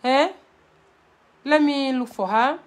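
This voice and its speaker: A woman with a Nigerian Pidgin English accent, talking straight to camera in a blunt, animated way and mixing Pidgin with English. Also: sits high, slow pace. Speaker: vlogger giving marriage advice. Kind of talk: casual to-camera talk.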